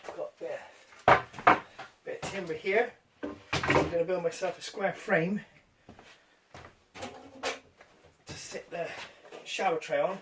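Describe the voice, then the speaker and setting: A man's voice: high voice, fairly even intonation, slow pace, pauses often, recorded from a distance, very noisy. A man casually narrating his own camper van build in a wry, self-deprecating way. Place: in and around a camper van, partly outdoors.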